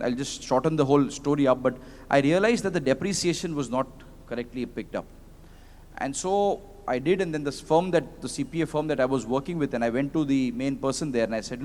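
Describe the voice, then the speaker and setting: A man with an Indian English accent, speaking on a conference panel and telling anecdotes in a lively way, slipping into Hindi phrases. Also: mid-range voice, a little hiss or hum. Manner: animated storyteller who mixes in Hindi phrases. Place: large convention hall. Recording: long reverb of a conference hall.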